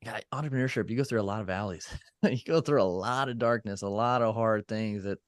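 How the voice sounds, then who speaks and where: A man's voice: lowish voice, a little fast, dry recording, clean studio sound. A man as a podcast guest in casual interview chat, reflective and loose, with many fillers and restarts.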